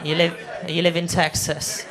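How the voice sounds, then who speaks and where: A man's voice: a little high, monotone, normal speed. A man doing a live stand-up set on a comedy club stage, bantering with audience members. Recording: live club recording with crowd noise.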